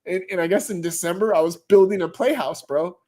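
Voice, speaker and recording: A man hosting a casual stream, telling a family story in an animated way, swearing freely and calling everyone "bro". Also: sits high, brisk. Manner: animated, profane, says "bro" a lot. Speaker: stream host.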